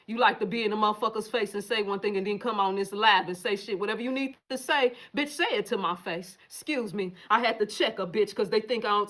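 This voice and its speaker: A woman's voice: a little high, fairly bright tone. A woman hosting a casual livestream, reading viewer comments and answering them in a profane, emphatic way straight to her viewers.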